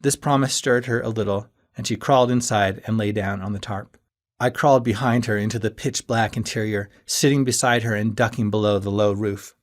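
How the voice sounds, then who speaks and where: A man reading a first-person audiobook in a steady storytelling manner that rises with moments of tension. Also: fairly low pitch, a little fast. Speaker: audiobook narrator.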